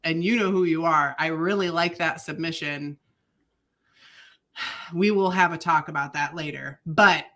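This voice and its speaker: A woman co-hosting a podcast in relaxed chat. Her voice is bright and crisp, bubbly, and she laughs easily. She fills her thoughts with ums as she goes. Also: low-pitched, a little slow, pauses often. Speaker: podcast co-host.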